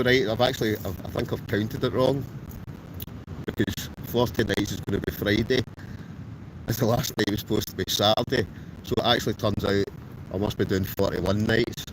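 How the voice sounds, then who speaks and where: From a tent battered by a howling storm, a chatty Scottish wild camper live-streams, reading comments aloud and cheerfully greeting viewers by name in a lowish voice. Roaring wind fills the recording, which sounds garbled and robotic.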